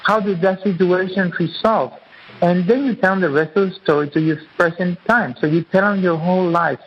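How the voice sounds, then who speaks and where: A man's voice: on the high side, muffled recording, slight background noise. A man guest, an author and acupuncturist, explaining his teaching in an earnest, repetitive, teacherly way during an interview.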